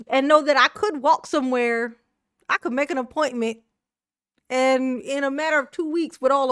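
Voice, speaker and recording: A woman's voice: sits high, fairly bright tone, no echo, clean studio sound. A woman doing brash, laughing, trash-talking commentary on a live stream.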